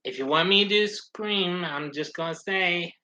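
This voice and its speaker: A man chatting casually on a live stream, rambling along with halting restarts and fillers. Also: sits high, bright, forceful tone, poor audio.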